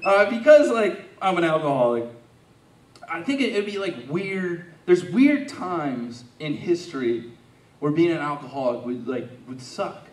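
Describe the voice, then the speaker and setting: Rambling comedian in an echoey club. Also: male voice, a little high, sing-song, far from the mic. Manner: rambling, halting delivery full of likes and restarts. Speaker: stand-up comedian. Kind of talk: stand-up comedy set.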